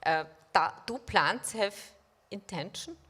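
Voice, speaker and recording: A woman's voice: medium pitch, lively intonation, takes it slowly, fairly bright tone, husky. A woman on a live symposium panel. She asks questions in an inquisitive, hesitant way.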